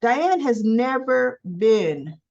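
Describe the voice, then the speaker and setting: A woman's voice: fairly high pitch, expressive, extremely slow, gravelly, darkish tone, muffled recording. A woman recapping a soap opera in a chatty, folksy way, full of playful exclamations. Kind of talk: casual chat recap.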